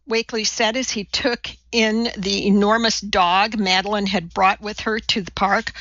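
A woman narrating a novel in a measured, dry manner. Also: medium pitch, level tone, fairly bright tone, no echo, muffled recording. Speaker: audiobook narrator. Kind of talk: audiobook narration.

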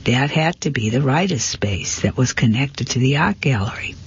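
A man narrating a first-person mystery story in a steady, plain manner, on a dull, lo-fi recording. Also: mid-range voice, moderate pace, breathy edge. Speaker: audiobook narrator. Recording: dull, lo-fi, dry.

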